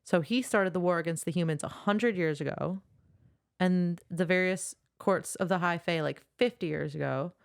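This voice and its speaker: A young woman with a somewhat low voice, recapping the plot of a book in relaxed, friendly podcast chat. The recording is dry and close to the mic. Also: normal speed, creaky, smooth, no echo. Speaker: podcast co-host.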